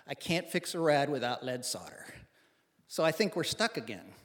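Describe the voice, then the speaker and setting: A man voicing a laconic, matter-of-fact Canadian roadside mechanic with a broad Canadian accent and deadpan drawl. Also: fairly high pitch, normal speed, long reverb tail.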